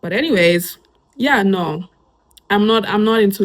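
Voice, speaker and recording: A woman's voice: medium pitch, moderate pace. Chatty young Kenyan woman vlogger. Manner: chatty, laughs often, mixes in Swahili slang. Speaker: YouTuber. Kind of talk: casual commentary reading online posts.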